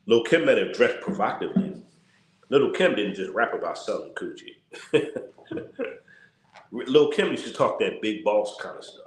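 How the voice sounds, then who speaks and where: A man's voice: fairly low pitch, lively intonation, moderate pace, pauses often, echoey room. A tired man hosting a casual livestream, talking in a blunt, repetitive, slangy rant. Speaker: channel host.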